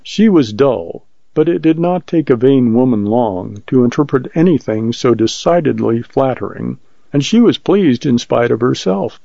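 A man reading a story aloud as narrator in a measured, even way. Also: medium pitch, gravelly, no echo. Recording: muffled lo-fi recording.

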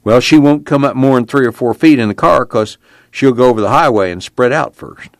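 A man's voice: mid-range voice, brisk, no echo, studio quality, pitched above the performer's own voice, close to an everyday voice. A man reading aloud voicing a practical, blunt young man from a rural family in an audiobook, with a folksy drawl. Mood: earnest.

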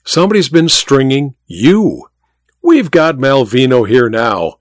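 A booming, boastful mining magnate, all jovial bluster, his voice leaping high as he crows. A man acts him out in a dry, close storybook reading. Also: big pitch swings, a little slow, no echo.

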